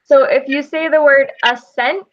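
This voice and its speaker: A woman in an online class, slowly and carefully explaining how a word is pronounced. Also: high-pitched. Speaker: class participant. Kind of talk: casual online class talk. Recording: muffled video call audio.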